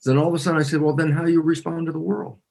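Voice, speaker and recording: An older man, a guest in an interview, explaining ideas through lively anecdotes and acting out the voices in them. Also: on the high side, very fast, creaky. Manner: acts out voices in anecdotes, exclaims. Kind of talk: animated interview storytelling.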